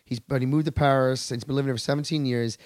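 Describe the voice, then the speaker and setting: A man's voice: mid-range voice, fairly even intonation, very fast, darkish tone, no echo, clean studio sound. A man from Long Island, a podcast guest ranting in a heated, profane, rambling way with many restarts. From Long Island, New York. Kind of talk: comedic podcast rant.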